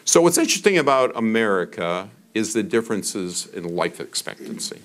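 Low-voiced man giving a lecture. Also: big pitch swings, moderate pace, fairly bright tone. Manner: storytelling, conversational with fillers. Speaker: guest speaker. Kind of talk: public lecture. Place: college lecture hall.

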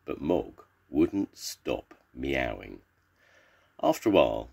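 Slow gravelly grandad reading a story. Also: male voice. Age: older. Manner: slow and expressive, with lots of pitch swings. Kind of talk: reading a children's story aloud.

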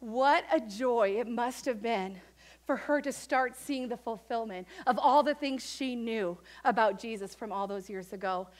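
A woman pastor preaching a sermon in an animated, emphatic storytelling manner. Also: fairly high pitch, unhurried.

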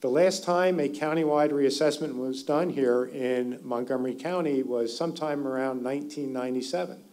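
A man presenting school district finance figures at a public community forum, in a steady explanatory way that stresses key words. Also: medium pitch, normal speed. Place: school meeting hall.

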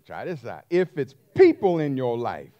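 A man preaching a sermon as pastor, emphatic, swinging between hushed asides and loud stressed words. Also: medium pitch, wildly swooping pitch, moderate pace, lo-fi sound.

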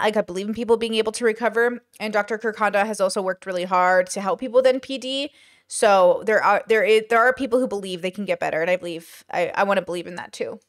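A woman giving casual reaction commentary, chatty and thinking aloud as she pauses a video to comment. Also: mid-range voice. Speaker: commentary streamer.

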